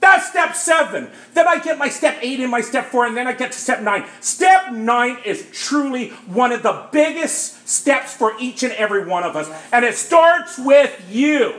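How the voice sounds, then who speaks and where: A man sharing his recovery story with a group in testimony style, emphatic, often asking "Right?" and getting louder at times. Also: very high voice, expressive, normal speed, hardly any pauses, reverberant.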